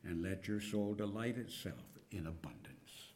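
Male preacher, low voice, unhurried sermon delivery with dramatic loud and hushed moments. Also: expressive, slight background noise. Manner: slow, dramatic preaching with sudden loud cries and hushed whispers.

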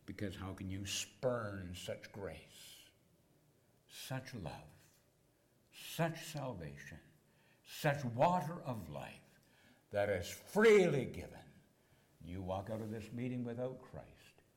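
Slow, deep-voiced preacher with dramatic swings. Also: male voice, big pitch swings. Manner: slow, dramatic preaching with sudden loud cries and hushed whispers. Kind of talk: sermon.

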